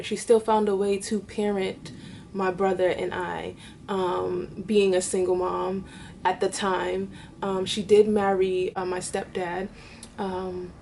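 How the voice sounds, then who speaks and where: Young woman vlogger, tearful, halting storytelling, medium pitch, slight background hiss. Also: warm tone. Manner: halting, many fillers and restarts. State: tearful, crying at times. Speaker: vlogger, mother. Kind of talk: personal storytelling to camera.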